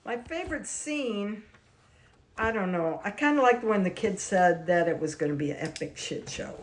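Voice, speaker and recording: A woman's voice: medium pitch, expressive, normal speed. A woman giving her opinions in casual chat, unsure, with many fillers. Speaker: podcast guest.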